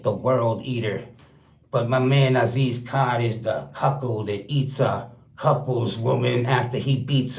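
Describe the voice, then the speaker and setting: A man hosting his own livestream, rapping a crude, boastful freestyle roast in a rhythmic, rhyming flow. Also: mid-range voice. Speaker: livestream host. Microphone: streaming setup. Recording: roomy echo.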